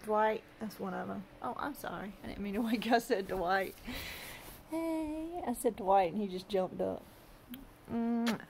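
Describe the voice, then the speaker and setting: A woman's voice: medium pitch, measured pace, vocal fry, darkish tone, a little hiss or hum. A woman, chatting casually to the camera in her bedroom and talking to her pets between rambling stories. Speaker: vlogger.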